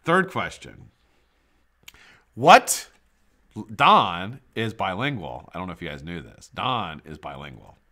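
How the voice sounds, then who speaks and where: A man hosting a live stream trivia giveaway in casual chat, swearing freely and jumping into loud excited shouts. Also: sits low, slow, long pauses. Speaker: livestream host running a trivia giveaway. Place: home streaming setup.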